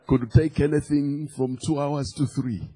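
A middle-aged man from Uganda with a Ugandan accent, preaching a sermon, swinging from soft asides to loud proclamations. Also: fairly high pitch, steady tone, a little slow, husky. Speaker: pastor.

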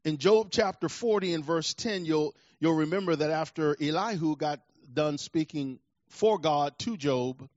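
A pastor preaching a sermon in a church, emphatic and repeating phrases to drive points home. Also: male voice, fairly high pitch, a little slow, a little mellow, no room sound, highs cut off.

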